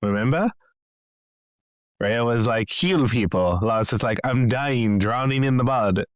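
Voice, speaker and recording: A man voicing an odd young man fixated on finding his mother, with a deadpan, offbeat manner. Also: medium pitch, measured pace, no room sound, studio quality, lightly acted. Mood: blunt.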